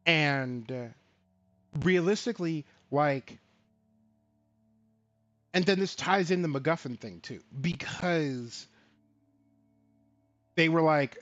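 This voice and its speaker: A man co-hosting a casual show about tabletop games, talking in an animated, profane way and acting out lines of quoted characters. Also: fairly high pitch, measured pace, pauses often, dry recording, muffled recording, soft background music. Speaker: podcast co-host. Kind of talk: casual tabletop game talk.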